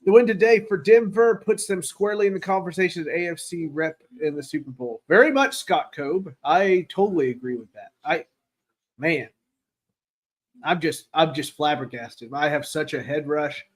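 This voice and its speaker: Man, from Tennessee, raw throat, excitable, rambling, casual sports talk, slightly high voice. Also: normal speed. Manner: excitable, rambling, reads chat aloud. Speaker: podcast host. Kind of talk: casual live-stream sports chat.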